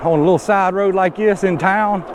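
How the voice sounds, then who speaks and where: A man's voice: high voice, steady tone. A middle-aged man, puffing and out of breath, giving folksy commentary while riding an e-bike outdoors on an action camera mic. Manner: folksy, slow drawl with rural Southern phrasing. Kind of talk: casual ride commentary. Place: outdoors on a road, riding uphill. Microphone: action camera mounted on a stick. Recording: outdoor wind and traffic noise.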